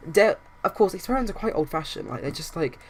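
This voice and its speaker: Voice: mid-range voice, sing-song, fast talker, vocal fry, slightly rough. A host narrating a life-simulation game casually, retelling scenes with quoted lines. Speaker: let's play host.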